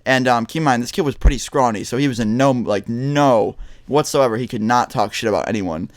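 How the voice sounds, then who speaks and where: A man's voice: mid-range voice, a little fast, no echo, clean studio sound. A young man vlogging, telling a story to his viewers in a blunt, casual way with lots of swearing and restarts.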